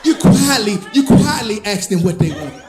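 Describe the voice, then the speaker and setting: A male stand-up comedian telling stories in an animated, sing-song way, laughing at his own jokes. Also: sits high, moderate pace. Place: comedy club stage.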